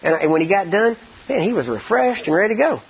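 A man preaching a sermon, rambling with many "I mean" and "you know", acting out quoted speech and slowing down to stress scripture. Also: high voice, big pitch swings, vocal fry, slightly rough. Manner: slows down and stresses words when teaching scripture. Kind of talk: sermon with storytelling. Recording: dull lo-fi recording.

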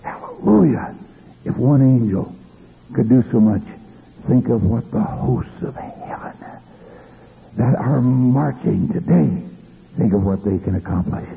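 Husky gravelly preacher man. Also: medium pitch, measured pace, pauses often. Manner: fervent, with repeated hallelujahs and restarts. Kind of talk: sermon. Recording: tinny lo-fi old recording.

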